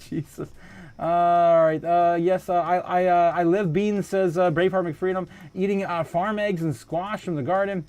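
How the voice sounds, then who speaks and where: A man's voice: sits high, fairly even intonation, unhurried, darkish tone, smooth, dull audio. Laughing, chatty man on a livestream. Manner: laughs often, scattered fillers and restarts, exclaims. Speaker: livestream host. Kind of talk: casual livestream chat, reading viewer comments.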